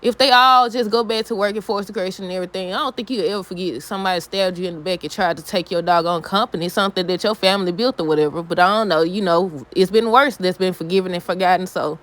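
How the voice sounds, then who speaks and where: A woman recapping a soap episode for viewers in a chatty, animated way, often laughing and quoting characters. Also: fairly low pitch, fast, few pauses. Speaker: soap opera reviewer. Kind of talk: casual recap talk to viewers.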